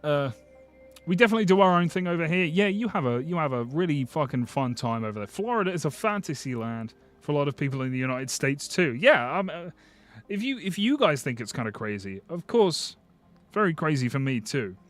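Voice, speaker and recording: A man's voice: on the high side, very animated, a little fast, a bit bright. A man chats on his livestream in a slightly raised voice, joking and swearing casually as he answers viewers. He trails off and restarts often, laughing at his own remarks. Faint music plays underneath. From United Kingdom. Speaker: streamer. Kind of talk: casual livestream chat reading viewer comments.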